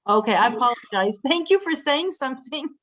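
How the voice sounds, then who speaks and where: Woman call host, somewhat high voice, light and apologetic, laughs through tech trouble. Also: animated, a little fast, fairly bright tone. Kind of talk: casual chat on a video call. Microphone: video call.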